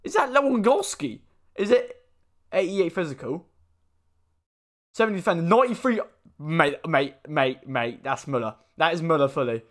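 A young man commentating as he opens game card packs, excitable and swearing, with sudden shouts. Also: on the high side, moderate pace, long pauses. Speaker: gaming YouTuber. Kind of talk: excitable pack-opening commentary.

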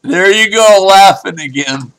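A man's voice: high-pitched, animated, measured pace, fairly bright tone. A man hosting a prank phone call, pushy and teasing, who keeps talking over the other caller. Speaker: prank-call show host.

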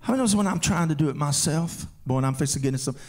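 A male pastor preaching a revival sermon in a church, rising into shouted, sing-song climaxes and firing questions at the congregation. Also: fairly high pitch, racing. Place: church sanctuary during a live service.

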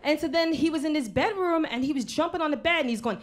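A woman in her thirties doing a stand-up comedy set on a live stage, telling mouthy, animated stories about her kids with asides to the audience. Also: high voice, fast, hardly any pauses. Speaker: stand-up comedian and show host.

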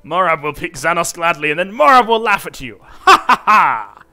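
Man playing a boastful half-orc, put-on Austrian-style accent, loud and slow, forceful. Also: high voice, lively intonation, heavily acted. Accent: Austrian-tinged movie-star impression.

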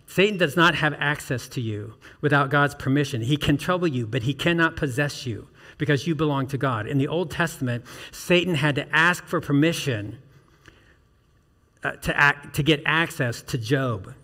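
A man's voice: on the high side, moderate pace, pushed and bright, in a large hall. A male pastor preaching an earnest sermon, asking the congregation questions and building to emphatic peaks. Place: church sanctuary.

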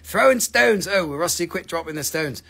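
A middle-aged man with a Southern American accent, his voice pitched noticeably high. He rambles excitedly and swears freely as he hosts a live sale. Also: normal speed, gravelly. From Southern United States. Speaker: host selling rocks. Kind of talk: live sales stream chat.

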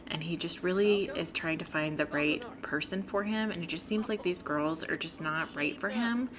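A woman giving chatty, sympathetic gameplay commentary, full of fillers, as host of her let's play series. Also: fairly low pitch. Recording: steady background noise.

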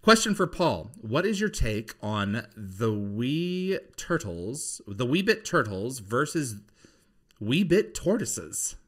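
A man's voice: mid-range voice, sing-song, takes it slowly, fairly bright tone, husky. A man hosting an interview over a video call, reading out fan questions and adding short replies. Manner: reads out fan questions, brief affirmations. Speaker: interview host. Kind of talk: casual interview.

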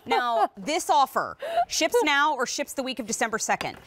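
A woman's voice: sits high, sing-song, normal speed, fairly bright tone, no room sound. Bubbly woman hosting home shopping. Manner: bubbly, upbeat sales patter. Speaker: shopping channel host. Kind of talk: live home shopping chat. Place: tv studio kitchen.

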